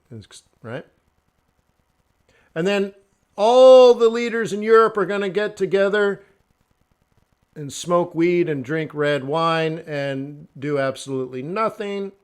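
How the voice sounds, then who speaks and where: A man's voice: on the high side, clear, resonant tone. Rambling, joking male stream host. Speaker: forex livestream host. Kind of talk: casual livestream commentary.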